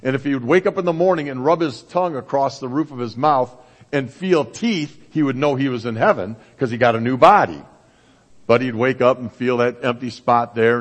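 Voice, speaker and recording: A middle-aged man giving a church eulogy for his son, halting and restarting, with preacher-like asides to the congregation. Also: medium pitch. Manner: halting, with many restarts and fillers. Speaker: father speaking at his son's memorial. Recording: echoey hall.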